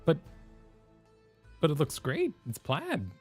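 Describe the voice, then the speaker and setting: A man's voice: medium pitch, lively intonation, normal speed, soft background music. A man co-hosting a game stream in casual chat, playful and mock-defensive.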